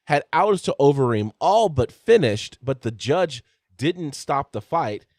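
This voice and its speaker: A man's voice: mid-range voice, expressive, a little slow, a little mellow, no echo, clean studio sound. A man co-hosting a combat sports podcast, recapping fight results and asking questions in a casual way. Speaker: podcast co-host.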